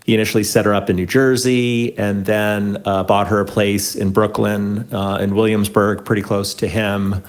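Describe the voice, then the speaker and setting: A man co-hosting a podcast, talking through news in a relaxed, conversational way with ums and uhs. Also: lowish voice, moderate pace, few pauses. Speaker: podcast co-host. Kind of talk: casual news chat.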